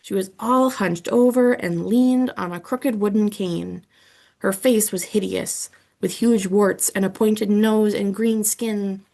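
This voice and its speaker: Slow, gravelly woman reading a children's book. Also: mid-range voice. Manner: expressive storytelling, first person. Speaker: audiobook reader.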